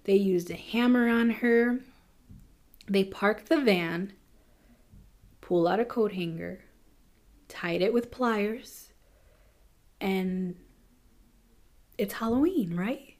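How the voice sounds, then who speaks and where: A woman hosting a podcast, telling a true crime case in a casual, chatty way with quick asides. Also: medium pitch, a little mellow. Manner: chatty, fast asides with nervous laughs. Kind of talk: casual storytelling.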